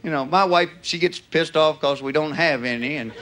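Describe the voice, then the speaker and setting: On stage at a live show with audience noise, a Southern-accented comedian tells drawling stories at a moderate pace. His voice is a little high and fairly bright, and he shifts into character voices.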